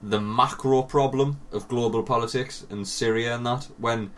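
A man with a Northeast English accent, co-hosting a podcast in casual chat, sweary and animated as he tells stories. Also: mid-range voice, normal speed. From northeast England. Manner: sweary, animated storytelling with mock voices. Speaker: podcast co-host.

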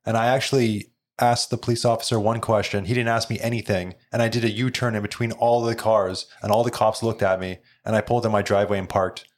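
A man's voice: fairly low pitch, flat delivery, fast talker, hardly any pauses. A man hosting a casual chat and asking about guests' business, telling his own anecdotes.

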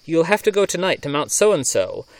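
A man reading aloud as a dying man who gives solemn, deliberate instructions. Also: on the high side, sing-song, no echo. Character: dying man giving grave, solemn warnings.

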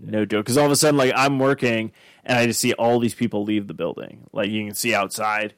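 A man in his thirties from Arizona co-hosts a podcast, chatting casually with loose, profane storytelling. His voice is lowish and fairly quick, with no echo.

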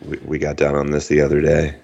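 A man co-hosting a podcast in casual, profane, excitable banter over a remote call. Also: extremely low pitch, fast, gravelly, dull audio. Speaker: podcast co-host. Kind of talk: casual chat.

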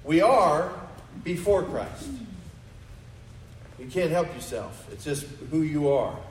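A man's voice: fairly high pitch, sing-song, slow pace, reverberant, far from the mic, slight background noise, rough recording. A man preaching a sermon to his congregation, emphatic and full of rhetorical questions. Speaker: pastor. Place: church sanctuary.

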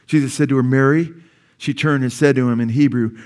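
Excitable conversational male pastor. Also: mid-range voice, fairly quick. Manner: conversational, excitable preaching with asides. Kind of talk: sermon.

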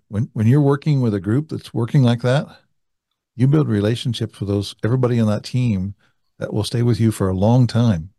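A male interview guest speaking in a reflective way, slowing down to stress key points. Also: fairly low pitch, warm tone, no echo, clean studio sound. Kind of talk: conversational interview.

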